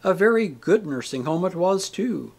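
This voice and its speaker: Man reading as a gentle, saintly lady spirit. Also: high-pitched, lively intonation, normal speed, gravelly, pitched above the performer's own voice, full character voice. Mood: teasing. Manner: tender, gently teasing, earnest. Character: radiant, joyful, saintly woman spirit.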